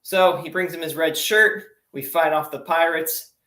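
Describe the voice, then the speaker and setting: Young male comic, slightly high voice, chatty and rambling, roomy echo. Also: fairly even intonation, measured pace, pushed and bright. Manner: chatty, rambling storyteller with lots of fillers. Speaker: stand-up comedian. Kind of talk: joke-telling sea stories. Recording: echoey room.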